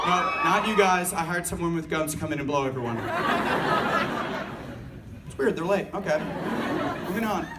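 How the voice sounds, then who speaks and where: A man doing a stand-up comedy set in a big hall, high-pitched and lively, loud and profane with sudden screaming. He is picked up from a distance, and a roaring crowd sits under him. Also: heavy background noise. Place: large university hall with a live audience.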